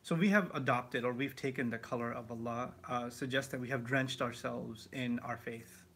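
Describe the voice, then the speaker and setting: A man teaching the Quran in a live question-and-answer session, explaining with lively asides and rhetorical questions. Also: mid-range voice, moderate pace, breathy edge. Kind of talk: live Q&A lesson.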